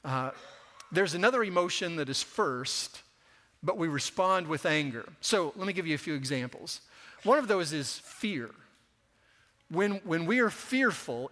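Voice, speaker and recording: A middle-aged male preacher with a bright, forward tone and a voice pitched a little high. He talks to the congregation conversationally and slips into the voices of the people he quotes. The sermon carries a long church reverb. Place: church sanctuary.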